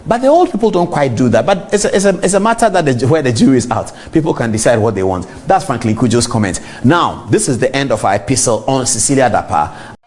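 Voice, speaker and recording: This fast-talking TV talk show host is a middle-aged man with a Ghanaian English accent and a mid-range voice. He addresses viewers directly, animated as he delivers his on-air commentary.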